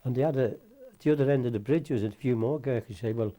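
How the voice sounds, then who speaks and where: A man's voice: mid-range voice, fast talker, dark tone. An older man, a war veteran, telling long stories in an interview with a rambling, salty way of talking. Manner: rambling anecdotal, salty, mild swearing. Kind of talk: casual storytelling interview.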